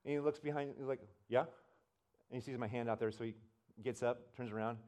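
Middle-aged guy pastor telling a story in a sermon, lots of stops and restarts, gets loud and high at the big parts. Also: fairly quick. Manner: animated storyteller, voice rises high and loud at the climax; restarts and repeats words often.

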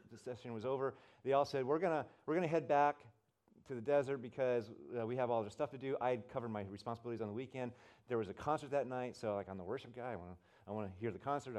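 A middle-aged pastor tells a personal story in a sermon, an animated storyteller who restarts often and repeats words. At the big moments, the climax especially, his voice climbs high and loud.

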